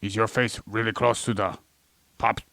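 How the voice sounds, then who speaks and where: A man's voice: on the low side, little pitch movement, normal speed, fairly bright tone, no echo. A man co-hosting a podcast, ranting and lecturing about science with plenty of swearing while playing an alien character in his ordinary voice. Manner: plays an alien persona in an ordinary voice. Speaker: podcast co-host. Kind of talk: rambling comedic science chat.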